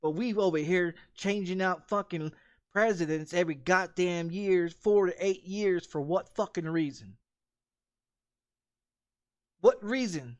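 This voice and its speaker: A game streamer in the middle of an angry, expletive-laden rant. The talk is heated and repetitive, hammering the same points again and again. The voice sits at a middling pitch. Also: unhurried, pauses often, highs cut off.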